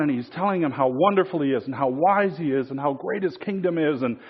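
A man's voice: on the high side, a little fast, slightly rough, lo-fi sound. A man preaching a sermon in a casual storytelling way, with many fillers and restarts.

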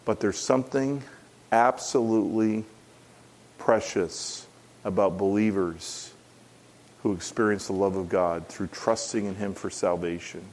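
A middle-aged man, a pastor, preaching an expository sermon in an earnest, emphatic way, repeating key phrases and rising in pitch when stressing a point. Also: fairly even intonation, measured pace, a little mellow, slight background noise.

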